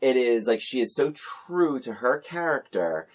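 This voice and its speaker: A man's voice: mid-range voice, sing-song, unhurried. A middle-aged man co-hosting a podcast in casual chat, enthusiastic and rambling, often restarting his sentences. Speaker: podcast co-host.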